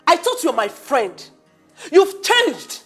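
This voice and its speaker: An indignant, scolding friend. Her voice is high and very lively, with light music behind. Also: takes it slowly, exaggerated voice. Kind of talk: film drama acting.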